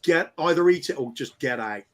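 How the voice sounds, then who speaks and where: A man's voice: on the high side, expressive, brisk, a bit bright. A man chatting as a podcast guest, hesitant and thinking aloud. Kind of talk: casual chat.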